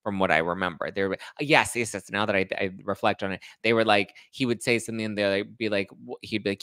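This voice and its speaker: Chatty man with gravelly low voice. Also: fairly even intonation, quick pace, hardly any pauses, bright, forceful tone, no echo. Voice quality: slight lisp. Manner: chatty, rambling, self-deprecating. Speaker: podcast host reading live chat. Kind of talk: casual livestream chat.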